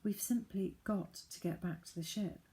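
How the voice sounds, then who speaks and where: A woman reading the part of a quick-thinking young girl who speaks softly and urgently. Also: medium pitch, close to an everyday voice. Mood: hushed urgent. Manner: soft, hushed and urgent.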